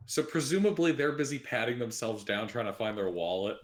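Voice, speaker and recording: A man playing a tabletop game, stating his character's actions in a relaxed, matter-of-fact way. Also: medium pitch, a little fast. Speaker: player. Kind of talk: casual tabletop game play.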